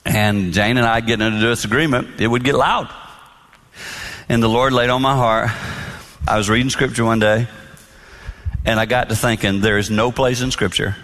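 Man, marriage speaker, live talk to an audience, storytelling, mid pitch. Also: steady tone, normal speed. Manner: storytelling, acting out dialogue in soft voices.

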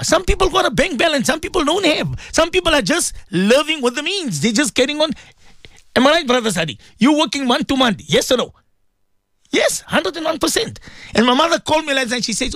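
High-voiced radio host. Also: male voice, animated, brisk, creaky, a bit bright, dry recording. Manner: emotional, rambling, addresses co-host and listeners directly. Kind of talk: talk radio monologue.

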